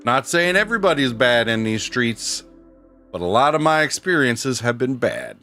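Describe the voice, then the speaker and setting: A man's voice: mid-range voice, sing-song, normal speed, sharp tone, faint music behind. A middle-aged man streaming a game, chatting casually in slangy talk and laughing often. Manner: laid-back slangy, laughs a lot. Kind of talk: casual live-stream chat.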